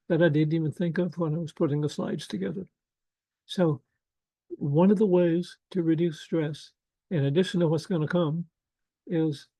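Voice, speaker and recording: An older man presenting an online workshop over a video call, speaking slowly and gently with many fillers and asides. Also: a little high, dry recording, low-quality recording. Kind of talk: casual online workshop talk.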